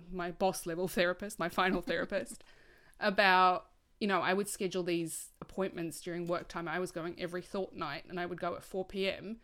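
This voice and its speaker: A woman's voice: on the low side, a bit bright. Candid, earnest young woman chatting. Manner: candid and earnest, often says "like". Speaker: podcast co-host. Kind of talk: casual chat.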